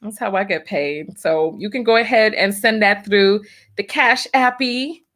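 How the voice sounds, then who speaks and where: A woman hosting a casual livestream reads donations aloud in a mid-range, fairly bright voice at a slightly slow pace. She laughs often and exclaims "oh my Lord" and "have mercy."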